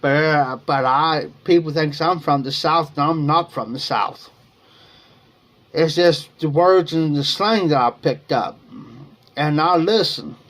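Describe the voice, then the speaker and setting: High-voiced man telling folksy stories. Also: a little slow, a bit bright. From Ohio. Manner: rambling, chuckling, folksy slang. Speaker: livestream host. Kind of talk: casual storytelling chat. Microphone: streaming setup microphone.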